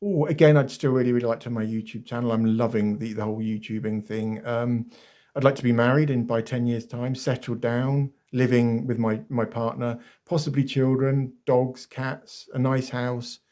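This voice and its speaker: Mellow-voiced chatty English man. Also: medium pitch, steady tone, moderate pace. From England. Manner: chatty, often calls viewers "guys" and "beautiful ones"; laughs often, self-deprecating. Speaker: YouTuber. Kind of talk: casual vlog Q&A. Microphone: phone.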